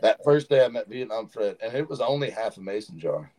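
A man telling animated stories as a podcast guest in a studio. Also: on the low side, a little fast, rough recording. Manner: animated storyteller, acts out quotes. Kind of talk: casual storytelling.

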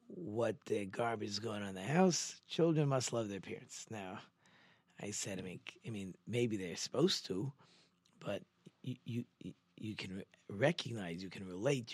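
Male rabbi, mid-pitched, chatty storytelling teacher, dry close sound. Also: no echo. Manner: storytelling, with frequent "right?" asides to listeners; drops into quieter, lower asides. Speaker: rabbi hosting a Torah talk show. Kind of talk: conversational Torah teaching.

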